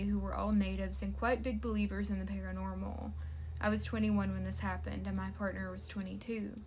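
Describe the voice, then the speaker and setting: A young woman from New Zealand, telling her own scary story in an even, measured way. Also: mid-range voice, a little hiss or hum. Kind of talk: reading a personal scary story.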